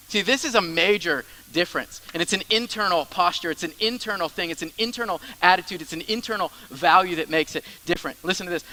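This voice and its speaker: A young male pastor preaching with a bright, forceful voice that sits a little high. He drives his points home with repeated phrases, then drops suddenly quiet for asides. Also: fast talker, hardly any pauses, poor audio. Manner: emphatic, with soft drops into grumbling asides. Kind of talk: sermon.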